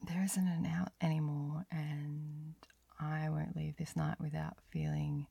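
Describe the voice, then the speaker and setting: A woman's whispered role-play, delivered as an intimate first-person narration. Her low voice has a heavy gravelly fry and lots of breath, sighing between lines. The sound is dry and close, with no room around it. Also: level tone, dark tone, no room sound. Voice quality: breathy whisper with frequent sighs. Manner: slow, lingering, intimate first-person storytelling.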